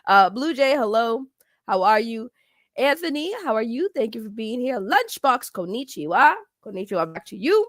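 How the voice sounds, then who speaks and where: A woman's voice: fairly high pitch, big pitch swings, normal speed, no room sound. Woman streamer, chatty and self-mocking, dry close sound. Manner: chatty, self-mocking, greets chat by name. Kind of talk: casual livestream chat.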